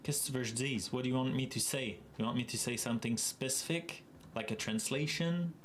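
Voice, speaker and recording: A man's voice: medium pitch, brisk, slight background noise. A man with a Québécois accent, a native French speaker, hosting a casual livestream, chatting and laughing often as he answers his chat. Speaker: livestream host.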